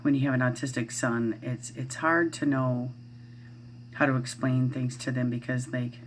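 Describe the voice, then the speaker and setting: Her voice very deep and delivery flat, a middle-aged parent vlogger chats to camera at home at normal speed. The talk is casual and meandering, with plenty of fillers and restarts, and a little hiss or hum is audible.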